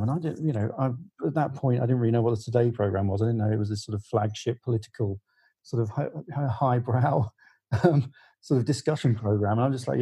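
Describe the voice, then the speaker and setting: A man's voice: mid-range voice, fairly even intonation, fast, dark tone, breathy edge, poor audio. A middle-aged man, a music journalist, telling a long anecdote in casual podcast chat, full of fillers and restarts. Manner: rambling storyteller with many fillers and restarts.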